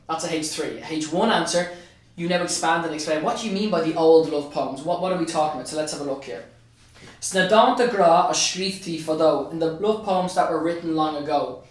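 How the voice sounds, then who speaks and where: A man's voice: fairly high pitch, very echoey, far from the mic. An Irish man, a teacher, walks students through an exam answer step by step, switching between Irish and English and repeating key phrases. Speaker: teacher and state examiner. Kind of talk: exam revision tutorial.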